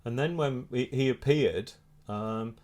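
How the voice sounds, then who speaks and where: A middle-aged man recounts a story in a relaxed interview, his voice sitting at an ordinary pitch. He talks as an animated storyteller, stumbling and restarting his sentences as he goes. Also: takes it slowly. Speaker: photographer and filmmaker. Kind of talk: casual anecdote in an interview.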